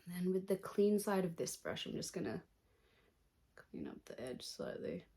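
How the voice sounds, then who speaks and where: A woman's voice: fairly low pitch, huge pitch swings, moderate pace, vocal fry, warm tone. Blunt, chatty woman beauty vlogger. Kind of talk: chatty get-ready-with-me makeup talk.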